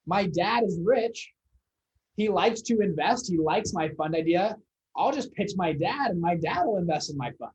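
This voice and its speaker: A young man, a fund founder, telling his story as a podcast guest in a casual, animated way with laughs and fillers. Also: on the high side, rough recording.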